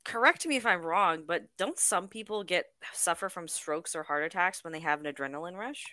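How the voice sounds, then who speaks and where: Blunt, bright-voiced woman co-host. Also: lowish voice, a little fast, dry recording. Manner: blunt, teasing, crude humor. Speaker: podcast co-host. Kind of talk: casual podcast chat.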